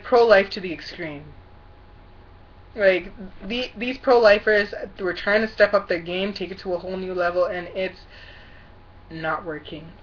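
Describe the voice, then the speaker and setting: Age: young adult. Style: ranting commentary vlog. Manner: indignant, sarcastic, mid-pitched. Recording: dull, lo-fi. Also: female voice. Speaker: vlogger.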